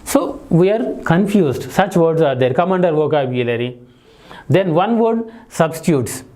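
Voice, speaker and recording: A man teaches a lesson, explaining terms step by step and spelling words out letter by letter. His voice sits a little high for a man, with a warm, mellow tone. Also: expressive, a little slow. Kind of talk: lecture on English phonetics.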